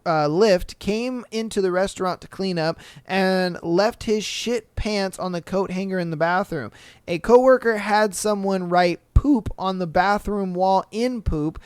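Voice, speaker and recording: A male podcast host reads stories aloud at an unhurried pace and breaks in with profane, animated reactions. His voice is smooth and clear on a close mic. The room is dry and free of echo. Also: sits high. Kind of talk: reading stories aloud with casual commentary.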